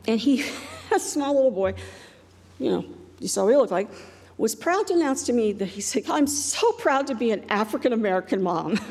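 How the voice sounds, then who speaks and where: Middle-aged woman from Ohio, self-deprecating stage speaker; slightly breathy, echoing hall. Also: fairly high pitch, warm tone. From northeastern Ohio. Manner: rambling, self-deprecating, laughing often. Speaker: guest speaker. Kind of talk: humorous live talk.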